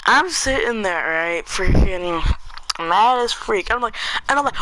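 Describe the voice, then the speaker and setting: A man vlogger telling a storytime story in a rambling, excitable way, using "freaking" a lot, with music playing behind him. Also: high voice, measured pace, background noise. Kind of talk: storytime vlog. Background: background music.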